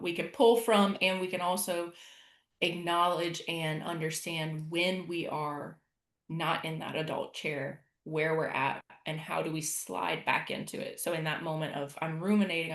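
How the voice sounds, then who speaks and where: Low-voiced woman coach in an echoey room. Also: moderate pace. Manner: earnest, animated, acts out her inner voice. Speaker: life coach guest. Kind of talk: podcast conversation.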